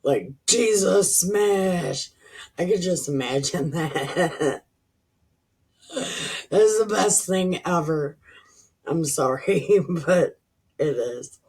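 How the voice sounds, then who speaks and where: A woman reading scripture and breaking off into loose, irreverent asides. Her voice is husky and she takes her time, drawling through the verses. She swears freely and laughs at her own jokes. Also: low-pitched. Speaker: Bible reading vlogger. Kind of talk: casual scripture reading with commentary.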